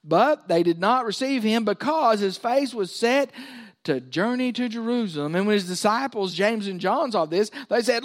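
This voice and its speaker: Lively preacher man, high voice. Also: normal speed. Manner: animated storytelling, acting out voices. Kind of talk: sermon.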